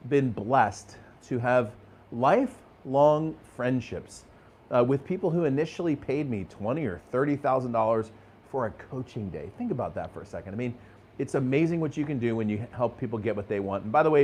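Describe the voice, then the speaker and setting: Energetic, emphatic middle-aged man. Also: mid-range voice. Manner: energetic, emphatic, with frequent restarts and chuckles. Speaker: host of a live sales training show. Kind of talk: live motivational sales talk to viewers in chat.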